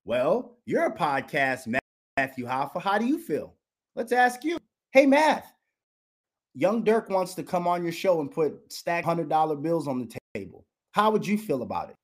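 A fired-up man hosts his podcast and rants at a rival, firing off one rhetorical question after another. His voice sits a little high for a man. He keeps hammering the same name over and over for emphasis. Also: big pitch swings, normal speed. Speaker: podcast host. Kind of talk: heated commentary rant.

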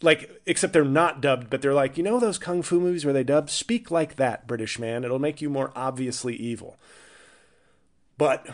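A man's voice: mid-range voice, moderate pace. A man hosting his own podcast as a stand-up comedian, riffing in a rambling, irreverent, self-interrupting monologue.

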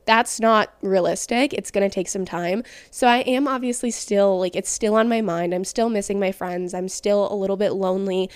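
A woman's voice: medium pitch, normal speed, hardly any pauses, clean tone, dry recording. A young woman hosting a casual solo podcast, talking candidly with lots of "like" fillers. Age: young adult. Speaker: podcast host.

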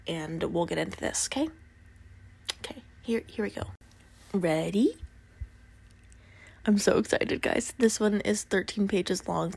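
A woman's voice: fairly low pitch, creaky. A young woman talking casually and telling a true crime story, rambling and tripping over her words in a groggy morning voice, recording on a phone in a basement. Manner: chatty, rambling, self-deprecating, often stumbling over words. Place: home basement.

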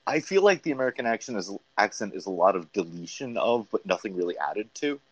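A man's voice: fairly low pitch, big pitch swings, quick pace, no room sound, lo-fi sound. A man co-hosting a casual podcast chat, wry and teasing. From northeastern US. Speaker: podcast co-host.

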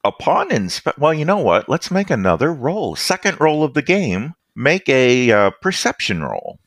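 A man narrating as game master of a tabletop game, easygoing and halting, with many fillers. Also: huge pitch swings, a bit bright, dry recording, studio quality. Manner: easygoing, halting with fillers, brief squeaky voices for side characters.

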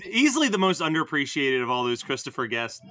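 Lively bright-voiced man chatting movies. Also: medium pitch, quick pace, no echo. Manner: animated, laughs often, retells scenes. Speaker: podcast host. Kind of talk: casual movie discussion.

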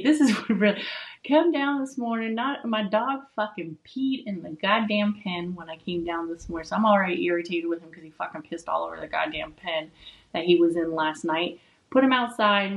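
A young adult woman hosting a casual solo podcast from home, blunt, swearing freely and talking in an animated, chatty way. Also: medium pitch, poor audio. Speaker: podcast host. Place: home with dogs.

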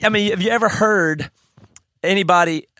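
A man with a Southern US accent, talking in casual conversation, opinionated and animated, laughing often. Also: high-pitched, normal speed. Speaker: conference guest.

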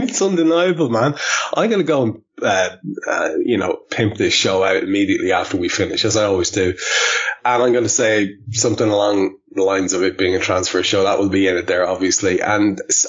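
Husky low-voiced man hosting a podcast. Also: a little fast, muffled recording. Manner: hesitant, many fillers. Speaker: podcast co-host. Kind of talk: casual football podcast chat.

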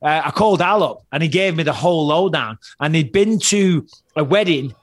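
Guy, lively storyteller, swears a lot, fairly high voice, dry close sound. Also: normal speed, dry recording. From England. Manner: animated storyteller, swears freely, laughs while telling. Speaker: guest, former fighter. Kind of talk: casual podcast chat.

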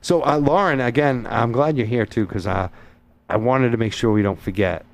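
A man's voice: mid-range voice, moderate pace. A man hosting a radio show from the studio, teasing his co-hosts and guests in rambling casual banter, laughing often. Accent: Boston.

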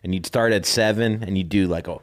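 Low-voiced laid-back podcast host. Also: male voice, fairly even intonation, a little fast. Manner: laid-back, joking, swears casually. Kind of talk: casual podcast chat.

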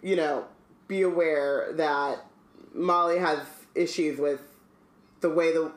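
A woman's voice: sits low, steady tone, slow pace, roomy sound. A woman co-hosting a casual book-club podcast, reading aloud and chatting with many asides.

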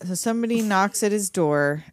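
A woman's voice: medium pitch, moderate pace, dry recording. A woman in casual chat, walking through a movie's plot scene by scene with a co-host. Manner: narrates plot step by step, swears offhand. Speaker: podcast co-host.

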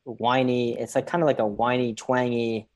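A man's voice: mid-range voice, level tone, normal speed. Chill guy on a podcast, jokey, plain mid voice. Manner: laid-back, joking. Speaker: podcast co-host. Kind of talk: casual chat.

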